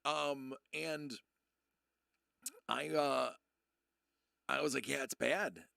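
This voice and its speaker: Man, gravelly, bright, rambling streamer story, dry close sound. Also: steady tone, drawn-out words, dry recording. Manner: rambling, self-interrupting, acts out quotes in a low voice. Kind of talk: casual storytelling to a live chat.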